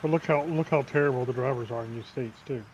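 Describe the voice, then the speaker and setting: Fast-talking man on dull voice chat. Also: mid-range voice, a little mellow, a little hiss or hum. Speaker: co-player. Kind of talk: casual chat while gaming.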